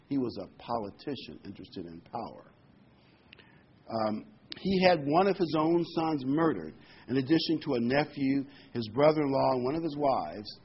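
A man's voice: mid-range voice, breathy edge. A man preaching a sermon in a conversational teaching manner, reading scripture and adding asides. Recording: dull lo-fi recording.

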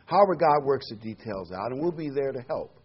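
A man's voice: medium pitch, lively intonation, fairly quick, slight background noise. A man preaching a sermon, earnest and emphatic, repeating key words with occasional ums. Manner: earnest, emphatic repetition with fillers. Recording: dull lo-fi recording.

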